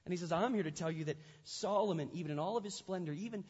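A man's voice: high-pitched, fast talker, darkish tone, breathy edge. A male pastor delivering a sermon in a conversational way, repeating his phrases for emphasis, recorded in a church sanctuary. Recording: echoey hall, dull lo-fi sound.

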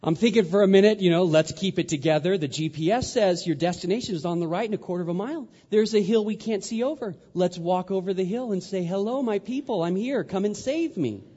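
A man giving a sermon, telling a story with lively acted-out voices. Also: high-pitched, quick pace, hardly any pauses. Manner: animated storyteller, acts out voices. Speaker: pastor. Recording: dull sound in a reverberant hall.

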